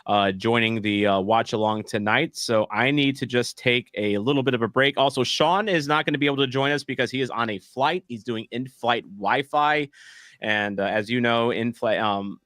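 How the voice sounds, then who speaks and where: A man hosts a live watch-along, talking loosely to his viewers in a self-mocking, meandering way, stumbling through fillers and false starts. His voice sits at an ordinary middle pitch. The sound is dry and close, with no room around it. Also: normal speed, fairly bright tone, dry recording. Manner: rambling, self-deprecating, many fillers and restarts. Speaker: streamer hosting a soccer watch-along. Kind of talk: casual live-stream chat reading comments.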